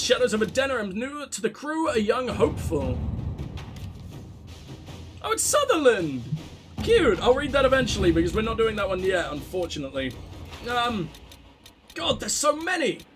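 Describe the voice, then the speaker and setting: A man hosting a game playthrough, chatting in an excitable, playful way. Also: high-pitched, normal speed, pauses often, over music. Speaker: let's play host. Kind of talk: casual gameplay commentary.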